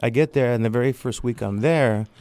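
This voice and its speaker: Man, 50s, fast talker, dry close sound, casual interview storyteller. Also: medium pitch, warm tone, clear, resonant tone, no echo. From Central Valley, California. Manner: rambling, acts out quoted dialogue, frequent restarts. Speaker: guest, artist and art teacher.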